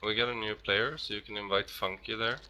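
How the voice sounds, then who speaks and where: A man's voice: lowish voice, steady tone, brisk, pushed and bright, dull audio. A man casting esports who is losing his voice, talking casually and arguing his points. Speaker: esports caster.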